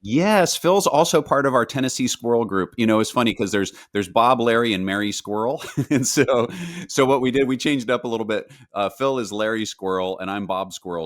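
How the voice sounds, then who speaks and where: A low-pitched man talks casually as the guest in an interview. He often restarts his sentences and fills pauses as he thinks. The sound is dry and close, with little room in it. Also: dry recording. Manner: halting, many fillers and restarts. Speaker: guest, animated series creator.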